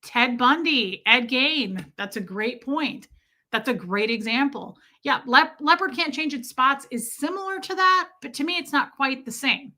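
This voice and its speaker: A woman hosting a live stream, chatting casually and reflectively while answering viewer comments, slowing down to stress key phrases. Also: high-pitched, expressive, sharp tone. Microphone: streaming mic.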